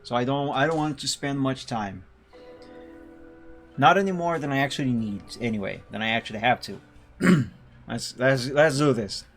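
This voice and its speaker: A man on a live stream, reading a visual novel aloud and chatting with viewers in an animated way, often laughing. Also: medium pitch, normal speed, pauses often. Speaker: game streamer. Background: faint game music.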